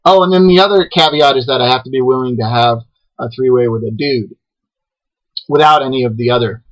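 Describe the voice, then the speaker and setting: A man hosting his own web show, delivering a rambling deadpan comic monologue full of restarts and hesitations. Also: mid-range voice, a little fast, low-quality recording.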